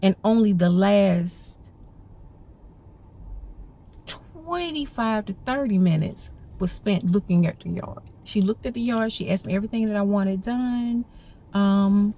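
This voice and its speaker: A woman's voice: mid-range voice, measured pace. A woman telling a story casually to her camera, chatty and rambling, full of fillers and repeated "I said". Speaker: vlogger. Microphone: camera recording. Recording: loud background noise, vehicle sounds.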